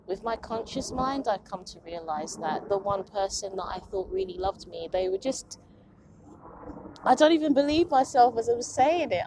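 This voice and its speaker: A young woman rambles through a casual confessional vlog, often breaking into laughter at herself. Her voice sits at an everyday middle pitch, recorded on a basic camera with a faint hiss underneath. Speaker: vlogger. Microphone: phone or low-end camera.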